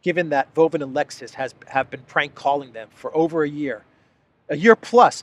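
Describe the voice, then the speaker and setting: A man's voice: fairly high pitch, expressive, normal speed, no room sound. A man hosting a solo political commentary show, reading news excerpts aloud and mocking them sarcastically, often restarting his sentences.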